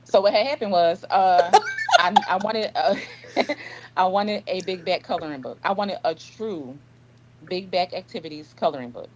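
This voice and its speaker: Animated woman author, low voice. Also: normal speed, noisy background. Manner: animated storyteller, acts out dialogue. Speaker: author guest. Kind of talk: casual interview chat.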